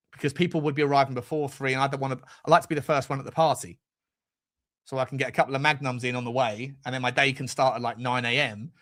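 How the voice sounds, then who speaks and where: A man's voice: mid-range voice, fairly bright tone. A man hosting a fan live stream, reading out super chats in a rambling, sweary way that keeps going off on tangents. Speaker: fan channel host.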